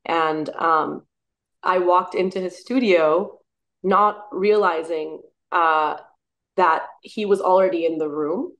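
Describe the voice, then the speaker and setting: A woman's voice: on the low side, steady tone, slow, fairly bright tone. A woman in her thirties, a musician and actor, chatting enthusiastically in an interview and laughing often. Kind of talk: casual interview chat.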